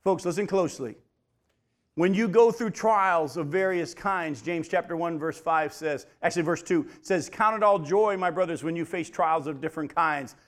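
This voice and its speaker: Middle-aged male pastor, slightly high voice, emphatic sermon delivery. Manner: emphatic preaching, slows for key points, addresses folks directly.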